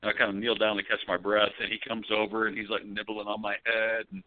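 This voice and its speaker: A man co-hosting a podcast, telling stories in a loose, profane, animated way. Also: on the low side, fast. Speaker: podcast co-host. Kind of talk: casual chat. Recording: tinny phone-like audio.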